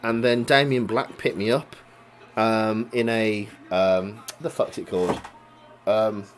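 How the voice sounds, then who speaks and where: A man's voice: fairly low pitch, fairly even intonation, takes it slowly, slight background noise. Young man telling a story. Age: young adult. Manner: swears a lot, recounts a grudge; laughs while telling the story. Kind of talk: casual chat.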